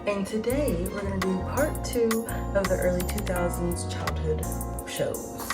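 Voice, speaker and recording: A woman's voice: medium pitch, measured pace, over loud music. A woman in her twenties hosting a casual vlog, chatting in a slangy, profane way with side remarks. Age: 20s. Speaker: vlogger host. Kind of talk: casual nostalgic chat.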